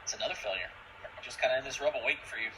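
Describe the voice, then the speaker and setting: A man's voice: medium pitch, very fast, background noise. A young man running a tabletop game as game master, jokey and casual as he explains the rules.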